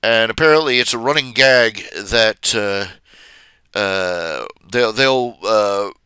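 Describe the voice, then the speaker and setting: Slow rambling man with a bright voice. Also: fairly low pitch, clean tone, dry recording. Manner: rambling, halting, many fillers and restarts, chuckling storyteller. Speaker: live streamer. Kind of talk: casual chat on a live stream.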